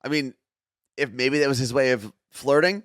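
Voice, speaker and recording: A man's voice: mid-range voice, fairly even intonation, normal speed, no room sound, studio quality. A man co-hosting a morning show in casual chat, easygoing, reading out listener messages. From Seattle area. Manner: easygoing, reads out listener texts. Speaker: radio show co-host.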